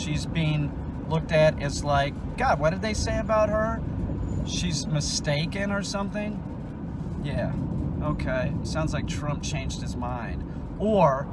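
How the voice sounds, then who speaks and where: A man with a slightly high voice rants off the cuff, heated and profane, often breaking off and starting again. A faint hiss sits under the recording. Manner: heated, profane, rambling with many restarts. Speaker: dog trainer ranting on his channel. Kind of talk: unscripted political rant.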